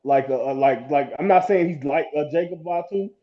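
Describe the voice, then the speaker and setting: A man's voice: on the high side, normal speed. A man co-hosting a podcast, chatting casually about wrestling in a rambling way with lots of fillers and restarts. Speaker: podcast co-host. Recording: dull lo-fi sound.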